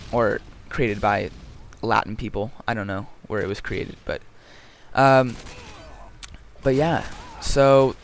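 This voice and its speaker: A man's voice: medium pitch, slight background noise. Rambling jokey male game commentator. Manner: rambling and jokey, many ums and tangents. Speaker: gaming commentator. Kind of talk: casual gameplay commentary.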